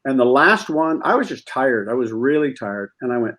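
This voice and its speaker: A man telling a comic anecdote as a talk-show guest, animated and acting out what people said. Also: mid-range voice, moderate pace, rough recording. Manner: animated storyteller who acts out quotes.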